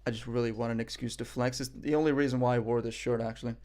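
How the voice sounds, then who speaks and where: A man's voice: medium pitch, steady tone, fast talker, a little mellow. A man streaming live, reacting in casual chat; cocky, joking, profane and rambling.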